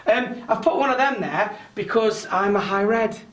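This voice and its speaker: Loud, chatty man training online. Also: high-pitched, moderate pace. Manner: loud, chatty, frequent tag questions. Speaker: webinar trainer. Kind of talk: live online training talk.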